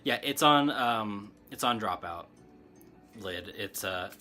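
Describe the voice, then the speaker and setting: A man's voice: fairly low pitch, animated, takes it slowly, bright, forceful tone, faint music behind. A man giving a casual, rambling tarot chat, answering comments and laughing often. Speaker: tarot reader and streamer. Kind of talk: casual spiritual chat, reading tarot cards.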